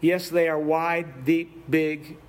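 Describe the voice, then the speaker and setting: A man's voice: on the high side, steady tone, slow. A man preaching a sermon, telling stories with heartfelt feeling and reciting scripture. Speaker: visiting preacher.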